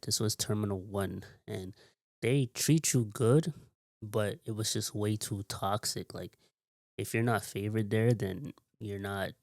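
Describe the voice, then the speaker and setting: A man telling a long, rambling story in a casual vlog, repeating himself and filling pauses with "like". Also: on the low side, darkish tone, no room sound, clean studio sound. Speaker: vlogger.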